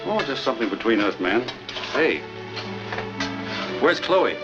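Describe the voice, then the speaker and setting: A man's voice: mid-range voice, sing-song, a little slow. An easygoing 1940s family man. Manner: easygoing, cheerful, teasing. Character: friendly helpful family man, middle-aged. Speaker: husband and father, good-hearted neighbor. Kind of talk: 1940s film acting. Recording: dull old film soundtrack with music.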